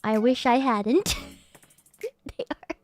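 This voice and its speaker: A woman streamer rambling playfully in casual chat, giggly and animated. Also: a little high, takes it slowly, soft background music. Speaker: VTuber streamer.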